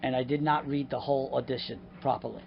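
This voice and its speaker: New guy with a raspy gravelly voice, hammy animated storyteller, muffled outdoor podcast audio. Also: medium pitch, fast. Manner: animated, acts out voices in his stories. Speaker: podcast guest, actor and comedian. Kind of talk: casual chat, animated storytelling. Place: outdoors at a harbor. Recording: dull lo-fi outdoor recording with faint ambience.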